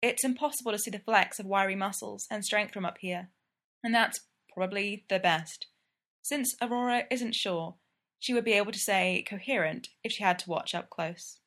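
A woman reading a story aloud in a calm, even voice of middle pitch. Her narration moves steadily between scenes without much drama. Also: normal speed. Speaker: story reader.

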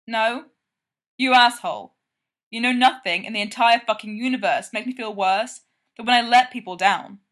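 A woman reading as a deadpan young man. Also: a little high, moderate pace, natural voice. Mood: teasing.

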